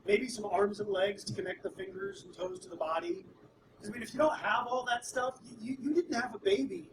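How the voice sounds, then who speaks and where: A middle-aged man performing stand-up on a live comedy stage, telling stories that end in deadpan punchlines. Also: sits high, brisk. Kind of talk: stand-up routine. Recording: distant mic with room noise.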